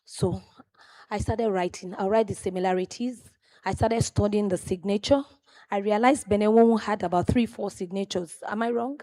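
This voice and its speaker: A woman's voice: mid-range voice, normal speed, warm tone, no echo, clean studio sound. A woman with a Nigerian accent giving a personal tribute speech, telling stories with exclamations and asides to the audience. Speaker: tribute speaker at a memorial event.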